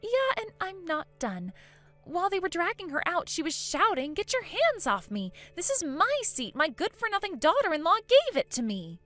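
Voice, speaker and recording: A woman voicing an excited, chatty teenage granddaughter in a storybook tale, eager and gossipy, with faint music behind. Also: extremely high pitch, moderate pace, heavily acted.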